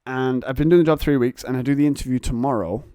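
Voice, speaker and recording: Mellow rambling English podcast man. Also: mid-range voice, fairly even intonation, fast talker, clean tone, no room sound, studio quality. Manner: rambling, digressive, self-mocking. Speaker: podcast host. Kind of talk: casual solo podcast monologue. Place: home, on a couch.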